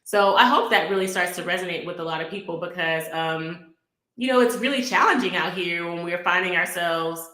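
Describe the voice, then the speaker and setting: A woman's voice: fairly low pitch, sharp tone, reverberant. A woman hosting a relationship talk, speaking earnestly in a coaching manner and repeating her key phrases. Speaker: relationship podcast host. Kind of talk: casual talk to camera.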